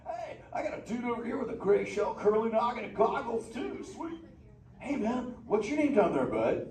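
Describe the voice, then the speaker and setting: Crush, an excited surfer turtle. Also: male voice, extremely high pitch, moderate pace, far from the mic, pitched above the performer's own voice, full character voice. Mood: playful. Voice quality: surfer slang, drawling dude talk. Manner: playful, laughing, teasing the audience. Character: laid-back surfer sea turtle dude. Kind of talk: live interactive show character. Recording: echoey theater from afar, noisy.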